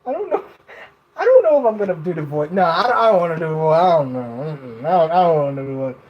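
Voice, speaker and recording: A woman's voice: low-pitched, big pitch swings, highs cut off, background noise. A woman hosting a casual livestream from her bed, giggling between lines and often stopping to restart her sentences. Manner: halting, restarts a lot. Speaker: livestream host.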